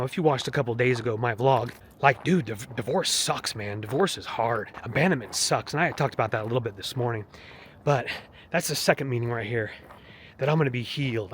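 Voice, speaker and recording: A man with a mid-range voice records a walking vlog testimony on a mountain trail, his heart rate raised from the hike. He talks earnestly, rambling and a bit preachy, and there's a little hiss or hum in the audio.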